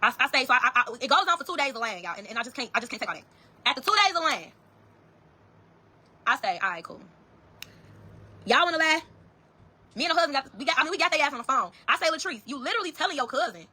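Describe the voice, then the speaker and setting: A woman with a high, bright voice races through a story. Her delivery is emphatic and full of swearing, and she keeps turning to her listeners to address them directly. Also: lively intonation, rapid-fire, husky. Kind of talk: casual storytelling to viewers.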